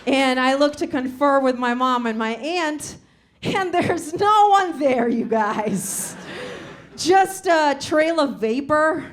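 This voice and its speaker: Young woman stand-up comic, chatty storyteller with deadpan punchlines, voice a bit on the high side. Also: takes it slowly. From Soviet Union. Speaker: stand-up comedian. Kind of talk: stand-up comedy. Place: comedy club stage.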